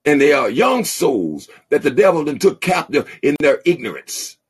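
A man preaching a sermon, reading scripture slowly and then exhorting his listeners with growing intensity. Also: a little high, very animated, breathy edge. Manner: slow, reads scripture aloud then preaches with rising intensity. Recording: call-in podcast audio.

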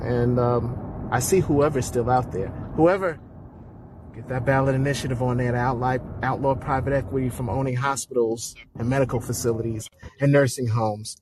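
A man's voice: mid-range voice, steady tone, moderate pace, noisy background. A man calling in to a talk show, speaking in an earnest, persuasive way. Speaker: caller. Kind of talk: casual call-in chat.

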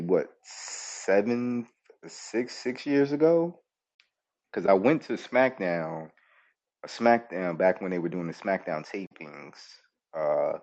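A man's voice: low voice, a little mellow. A male podcast host giving a loose, rambling recap of a show and often correcting himself mid-sentence. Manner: rambling, self-correcting storytelling. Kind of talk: casual wrestling show recap. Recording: dull, lo-fi call-in audio.

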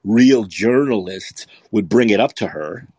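Husky low-voiced man hosting call-in podcast. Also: expressive, a little slow, dark tone, no echo. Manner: rambling, restarts often, sarcastic. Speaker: podcast host. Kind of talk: casual live call-in podcast. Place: San Francisco.

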